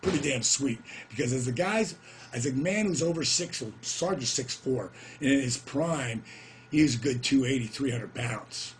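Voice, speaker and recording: A middle-aged man telling a story to camera in a casual, animated way, whooping now and then and putting on voices for the people he quotes. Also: medium pitch, moderate pace, slight background noise.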